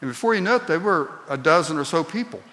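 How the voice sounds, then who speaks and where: A man preaching a sermon as pastor, slow and deliberate, building to emphatic peaks. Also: on the high side, animated, bright, forceful tone. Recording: long reverb of a large hall.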